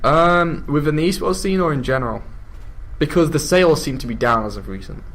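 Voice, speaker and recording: A man's voice: fairly high pitch, a little fast, fairly bright tone. A young man chatting casually as a guest, a little shy. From England. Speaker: interviewee. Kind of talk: casual chat.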